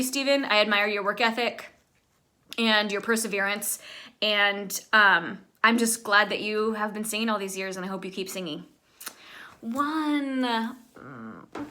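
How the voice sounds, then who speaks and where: A young adult woman, a choir teacher, giving rambling, heartfelt farewell messages to her graduating students, full of fillers. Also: a little high. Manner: warm, rambling, filler-heavy, chatty.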